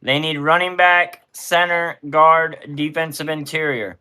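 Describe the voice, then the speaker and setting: A man's voice: fairly high pitch, fairly even intonation, unhurried, bright, forceful tone, clean tone. A man hosting a casual live stream, talking through mock draft picks in an easygoing way while telling his kids what to do.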